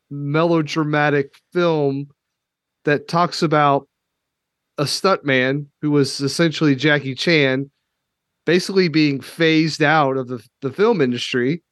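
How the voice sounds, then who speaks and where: A podcast host from Kentucky in casual chat, animated and emotional, swearing casually. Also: male voice, fairly high pitch, dry recording, studio quality.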